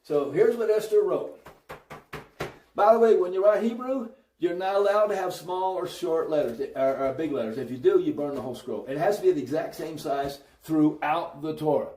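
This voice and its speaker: A man telling a Bible story in an informal preaching style, animated and full of restarts. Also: fairly high pitch, normal speed, far from the mic, a little hiss or hum. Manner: animated, acts out voices, many restarts. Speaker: religious storyteller. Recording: roomy audio from off-mic.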